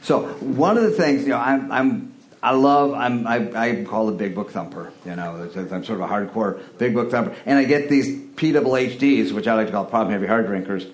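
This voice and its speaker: Guy hosting a recovery show, stops and restarts a lot, roomy echo. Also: on the low side. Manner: halting, self-correcting, earnest. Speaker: host. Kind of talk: casual recovery talk show.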